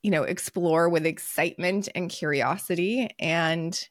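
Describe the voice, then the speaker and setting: A woman's voice: lowish voice, unhurried, no echo, clean studio sound. An American woman co-hosting a podcast, chatting in a bubbly, talkative way. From United States. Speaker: podcast co-host. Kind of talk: casual chat.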